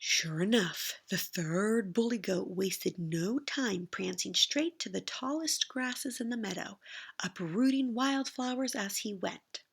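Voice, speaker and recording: A woman's voice: mid-range voice, vocal fry, husky. A woman teacher reading a picture book aloud to kindergartners, telling it expressively. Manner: expressive storytelling, slow and deliberate.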